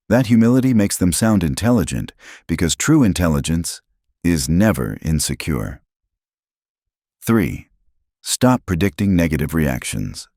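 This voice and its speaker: Very deep-voiced man narrating an audiobook. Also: a little mellow, dry recording, studio quality. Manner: measured, emphatic delivery with pauses between list items. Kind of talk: scripted self-help narration.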